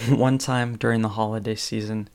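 A man retells funny stories in a relaxed, chatty presentation, his lowish, smooth voice holding a level tone at a moderate pace. Fillers and occasional chuckles pepper his phrases.

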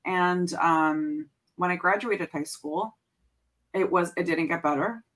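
A woman's voice: on the low side, takes it slowly. A woman in her thirties, a podcast guest, talking candidly in casual conversation and mixing in Spanish phrases. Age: 30s. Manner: candid, animated storytelling with frequent fillers and Spanish phrases.

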